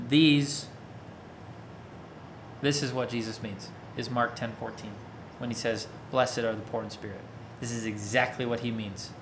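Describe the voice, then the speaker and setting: A mid-range, steady voice delivers an interactive sermon slowly, pausing often, with noise in the background. The preacher talks in a relaxed, conversational way and repeatedly makes sure his audience is keeping up.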